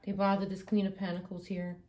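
A woman's voice: mid-range voice, completely flat delivery, a little fast. A woman doing a tarot reading in an emphatic, swearing, impassioned manner. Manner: emphatic, swears often, swings from quiet to loud outbursts. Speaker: tarot reader. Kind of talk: live tarot reading monologue.

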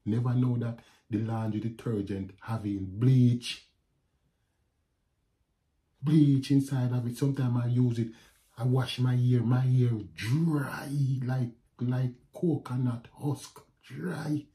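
A man with a Jamaican accent, telling a personal story to his viewers in a lively vlog, often calling out to them. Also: medium pitch, slow pace. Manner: animated, addresses viewers as guys. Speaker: vlogger. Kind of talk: casual storytelling to camera.

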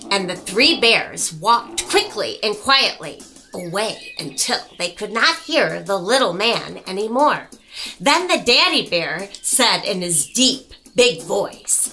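A woman hosting a children's storytime, reading a picture book aloud and explaining words along the way. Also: mid-range voice. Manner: slow, lively and expressive, explains words. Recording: music playing behind.

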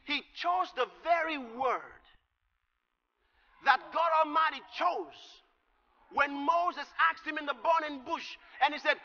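A man preaching a sermon, explaining scripture with emphatic delivery that rises to shouts. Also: extremely high pitch, slow. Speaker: pastor. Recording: lo-fi recording with long hall reverb.

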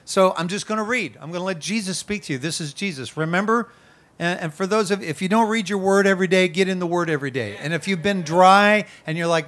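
A male pastor preaches at an outdoor worship gathering in a high-sitting, brisk voice, keeping things conversational and energetic and throwing in playful asides.

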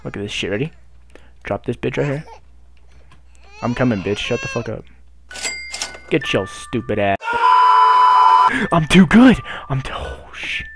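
A young man giving loud, profane gameplay commentary, hyped up and talking back to the game on screen. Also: mid-range voice, moderate pace, pauses often, very noisy. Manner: loud, hyped, swears constantly, talks to the game. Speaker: gaming YouTuber.

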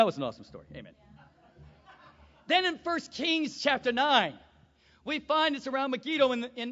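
High, bright-voiced preacher man, shouting. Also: long reverb tail, muffled recording. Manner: emphatic, swings from quiet asides to shouting; calls out to the congregation for amens. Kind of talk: sermon.

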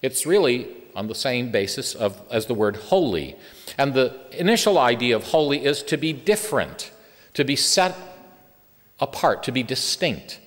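A middle-aged man preaches with earnest conviction, drawing out important words slowly. His pitch swings widely from phrase to phrase. The voice rings out with a long reverb of a church hall. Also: animated. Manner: earnest, stretches key words slowly for emphasis. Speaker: Bible teacher. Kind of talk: sermon.

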